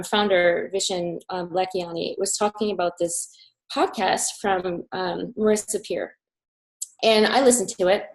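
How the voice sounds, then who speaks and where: A woman from Colorado telling a personal story as an interview guest, animated and breathy in the emotional moments. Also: medium pitch, low-quality recording. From Colorado, USA.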